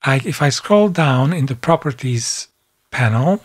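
Male tutorial narrator, slow deliberate delivery, calm step-by-step voice-over. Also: mid-range voice, husky. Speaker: software instructor. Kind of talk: screen-recorded tutorial narration.

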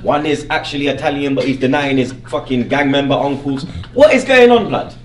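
A young man with a London accent, hosting a casual chat about slang in an animated, laughing way. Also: mid-range voice, a little fast, reverberant, recorded from a distance, a little hiss or hum. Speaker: host.

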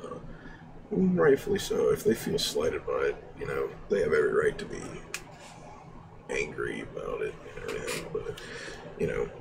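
A man's voice: extremely low pitch, very animated, moderate pace, vocal fry, pauses often. A young man telling stories on a stream in a casual, rambling way, laughing often and restarting his sentences. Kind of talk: casual storytelling. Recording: distant mic with background noise.

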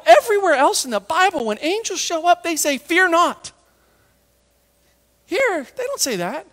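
A woman gives a conversational sermon, slipping into the voices of the people in the story as she goes. Her voice sits high and swings widely in pitch. The sound carries a long hall reverb. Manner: lively and conversational, acting out the disciples and Mary in quick asides. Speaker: preacher.

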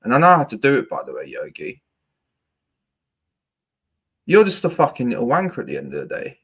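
A man's voice: mid-range voice, huge pitch swings, fairly quick, slightly rough. A man on a livestream, ranting angrily, swearing, taunting and threatening.

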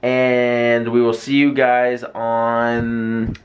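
A man's voice: monotone, extremely slow, dull audio. A man hosting a casual home vlog, chatting with his partner and pet. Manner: high sing-song baby talk to his pet. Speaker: vlogger.

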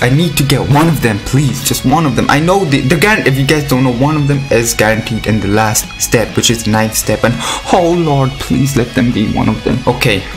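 A man commentating his mobile game live, talking straight to his viewers and begging for lucky pulls. His voice swings wildly, dropping low when he explains things, then shooting up into squeals when something surprises him. Faint game music plays behind him. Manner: excitable, jumps into high squealing outbursts; pleading and chatty toward viewers.

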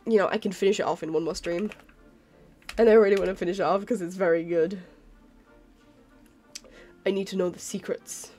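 A woman's voice: mid-range voice, a little mellow. A tired woman streamer chatting casually while she draws, rambling, apologizing and laughing often. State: tired and yawning. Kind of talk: casual chat while drawing.

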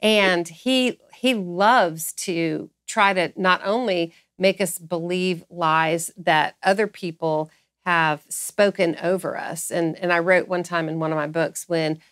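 A woman's voice: on the low side, fairly even intonation, slow, fairly bright tone, smooth, no echo, clean studio sound. Earnest woman hosting a podcast. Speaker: host. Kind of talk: podcast discussion.

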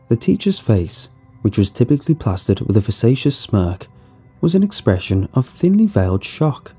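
A man narrating a horror story in a scripted, expressive storytelling way. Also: medium pitch, moderate pace, husky. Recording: soft music behind the voice.

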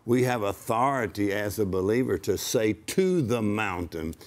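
Man, low voice, conversational preacher, emphatic, slow scripture reading. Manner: emphatic, quotes scripture slowly, laughs often.

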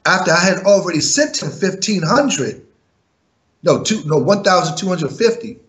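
Indignant, animated man telling stories. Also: high voice, moderate pace. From living in Europe. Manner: animated, indignant, frequent fillers and restarts. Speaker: former music manager, interview guest. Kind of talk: candid interview storytelling.

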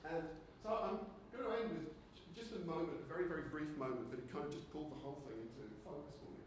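A man giving a conference lecture, animated and conversational, often restarting his sentences. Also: fairly high pitch, quick pace, slight background noise. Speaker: keynote speaker. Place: lecture hall. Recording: echoey hall, voice from a distance.

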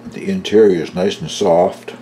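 An older man casually narrating his home baking for a cooking video, chatty and relaxed, tasting as he talks. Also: deep voice, moderate pace, a little hiss or hum. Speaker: home baker, channel host.

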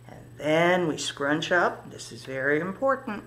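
A woman leading a story time for toddlers in a library story room, speaking gently and encouragingly to little children and their parents. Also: deep voice, expressive, normal speed.

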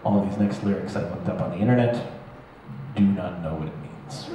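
A man's voice: fairly low pitch, a little fast, over music. A man performing a live comedy song on a cruise ship stage, singing in a playful mock-Irish lilt and bantering between verses. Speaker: comedy singer. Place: cruise ship concert hall. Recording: echoey hall from far off.

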